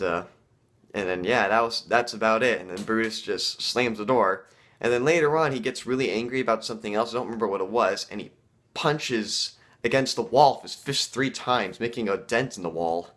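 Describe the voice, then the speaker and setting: A man vlogger telling a casual story to camera, halting and full of fillers. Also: on the low side, fairly bright tone.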